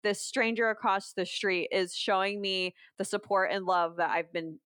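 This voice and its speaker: A woman on a podcast tells a personal story in casual chat, candid and unguarded, with plenty of "like"s and the odd curse. Her voice sits at a middle pitch and comes through smooth and clear. The recording is dry and close. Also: steady tone, moderate pace, fairly bright tone, no echo. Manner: candid, swears freely, many filler "like"s. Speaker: podcast guest.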